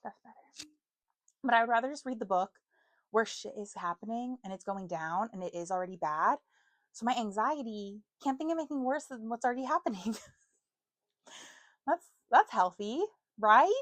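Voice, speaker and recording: A book vlogger in her twenties chats casually to camera about books in a medium-pitched, animated voice at a normal speed. She's self-mocking and stumbles over words now and then, and the recording is dry.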